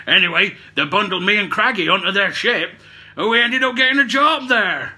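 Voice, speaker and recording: This man's high-pitched voice swings widely in pitch, sounding pushed and bright at a moderate pace. Playing a puppet-show host with a Cockney-Somerset accent, he rambles through a comic story, self-correcting, swearing, and laughing at his own jokes.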